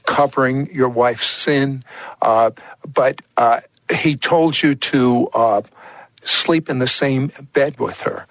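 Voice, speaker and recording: Male host, gravelly, halting interviewer; dry close recording. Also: mid-range voice, a bit bright, dry recording, rough recording. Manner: hesitant questioning with many fillers. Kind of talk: talk show interview.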